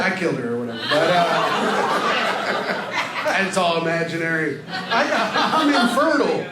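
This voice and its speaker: A man in his thirties from Indiana telling self-deprecating stories in a stand-up set, jumping into loud character voices. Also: a little high, lively intonation, measured pace, very noisy. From Indiana, USA. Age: 30s. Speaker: stand-up comedian hosting a show. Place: comedy club stage. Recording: very echoey live club recording with audience laughter. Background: crowd laughter.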